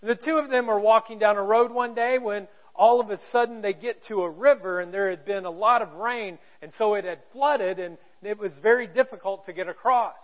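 A male pastor preaching a sermon to his church, telling a story with emphasis and sudden drops to a hush. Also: high-pitched, a little fast, hardly any pauses, dull audio. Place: church auditorium.

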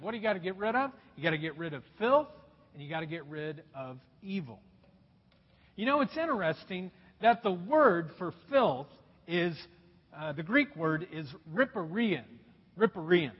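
Brief: animated male pastor addressing folks, high, lively delivery, long hall reverb. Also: slightly rough. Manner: animated, addresses listeners as folks, asks rhetorical questions. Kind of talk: sermon. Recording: echoey hall, dull lo-fi sound.

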